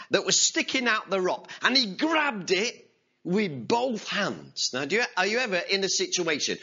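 A man preaching a sermon as pastor, telling stories with animated acted-out voices and asking the congregation to respond. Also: high voice, lo-fi sound. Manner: animated storyteller, acts out voices. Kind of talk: sermon with story and call-and-response.

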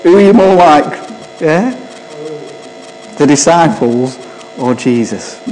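Chatty preacher in a reverberant hall. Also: male voice, on the high side, animated, slow pace, darkish tone, a little hiss or hum. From England. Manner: chatty, asks the listeners questions. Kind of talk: informal sermon.

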